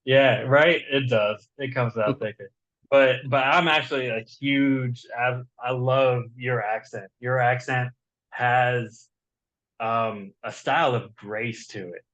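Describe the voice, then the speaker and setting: A guest author with a slight Southern accent chats casually, rambling enthusiastically and often repeating words. His medium-pitched voice is steady, slow and a bit bright, though the recording is muffled.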